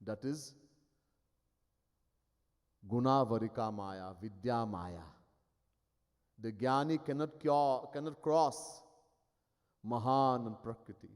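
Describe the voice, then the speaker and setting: A man's voice: medium pitch, slow pace, long pauses. Man preaching in a reverberant hall. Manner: storytelling, emphatic, wry. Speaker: swami, spiritual teacher. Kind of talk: sermon. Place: ashram hall.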